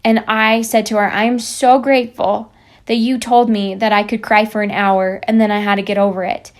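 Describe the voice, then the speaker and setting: A woman's voice: medium pitch, level tone, moderate pace. A young woman speaker sharing a personal story in a chatty, motivational way, acting out the people she quotes.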